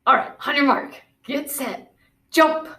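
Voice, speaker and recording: A woman's voice: high voice, a little slow, sharp tone. A woman teacher leading a classroom video lesson, talking through scenarios and calling out movement commands in an encouraging way.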